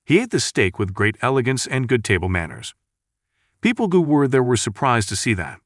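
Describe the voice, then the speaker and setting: A man's voice: mid-range voice, very animated, normal speed, no room sound. A man narrating a comic story recap in a plain storytelling manner, on a close mic.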